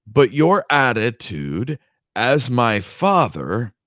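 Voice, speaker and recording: A man reading a novel aloud puts on a priggish grown son, pitched well above the reader's own low voice and swinging up and down as he moralizes. The tone is self-satisfied and preachy. The sound is dry and close. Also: big pitch swings, slow pace, fairly bright tone, no echo. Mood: smug. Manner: pompous and preachy. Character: smug, condescending grown son lecturing his father.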